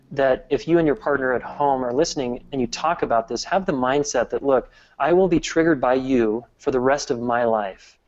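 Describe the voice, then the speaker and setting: A man's voice: mid-range voice, dull audio. A man guesting on a podcast interview, talking earnestly and explaining step by step with frequent restarts. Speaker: guest relationship expert. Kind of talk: casual interview talk.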